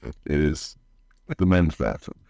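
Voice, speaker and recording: A man's voice: very deep voice, slow pace, creaky, a little mellow, dry recording. A man chatting casually as a podcast co-host, often stumbling and repeating his words. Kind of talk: casual chat.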